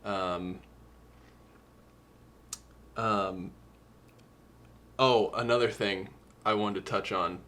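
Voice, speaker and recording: Homme grave et sérieux, ému. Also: male voice, lowish voice, fairly even intonation, extremely slow, long pauses, pushed and bright, slight background noise. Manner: earnest, emotional, quotes lyrics. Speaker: podcast co-host. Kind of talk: casual music discussion.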